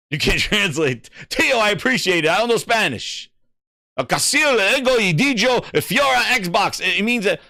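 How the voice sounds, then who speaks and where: A man's voice: on the high side, sharp tone, dry recording, clean studio sound. A man hosting a gaming livestream, reading viewer comments in casual, profane, hype-driven banter. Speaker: gaming channel host.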